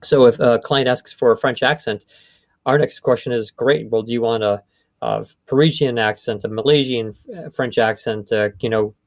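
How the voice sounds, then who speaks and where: A man's voice: mid-range voice, moderate pace, no echo. A man talking through how the voiceover business works, explaining at length and often backing up to rephrase. His voice sits in a middle range. The recording is dry and a little dull. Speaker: voice studio owner. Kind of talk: conversational interview.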